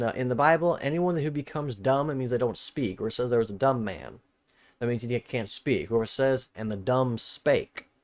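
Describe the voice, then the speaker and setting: A man hosting a live-streamed Bible study, reading verses aloud and then commenting on them casually, rereading and repeating phrases as he thinks them through. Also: medium pitch. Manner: casual, plain-spoken asides between formal scripture reading.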